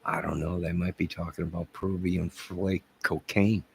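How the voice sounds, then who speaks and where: Man, live-stream host, low gravelly voice, crude and sarcastic, rambling. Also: flat delivery, normal speed, hardly any pauses, no echo, poor audio. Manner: combative, crude, mocking and sarcastic. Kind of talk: rambling live-stream chat, reading viewer comments.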